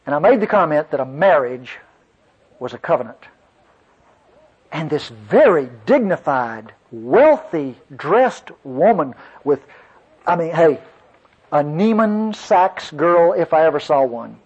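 A man's voice: fairly high pitch, sing-song, unhurried, a little mellow, slightly rough. A man preaching a folksy sermon to his congregation, telling a story and calling out to the listeners. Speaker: pastor. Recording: dull lo-fi sermon recording.

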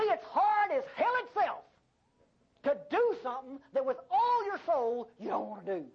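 An older woman preaching a sermon, with an animated delivery and folksy asides. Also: a little high, breathy edge. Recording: dull lo-fi sermon recording.

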